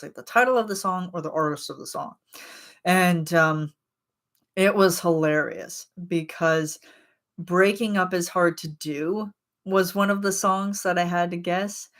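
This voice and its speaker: A woman in her thirties chatting casually with her viewers, rambling and giggling as she tells stories. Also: lowish voice. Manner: rambling, giggly, animated retelling. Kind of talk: casual chat.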